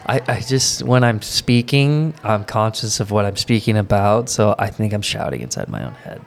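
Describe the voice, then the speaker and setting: Soft-spoken man with a gravelly low voice. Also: lively intonation, moderate pace. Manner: trailing, restarting sentences. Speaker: podcast co-host. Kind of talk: casual chat.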